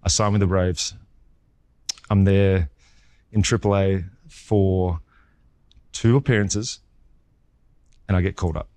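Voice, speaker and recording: A man in his forties with an Australian accent, a former pitcher guest telling his story in a casual interview and acting out the dialogue. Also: slow, pauses often. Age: 40s. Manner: lively storyteller who acts out quoted dialogue.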